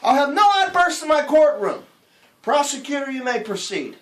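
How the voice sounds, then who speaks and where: A man playing a shrill shouting judge. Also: big pitch swings, normal speed, roomy sound, heavily acted. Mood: exasperated. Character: flustered judge banging a gavel.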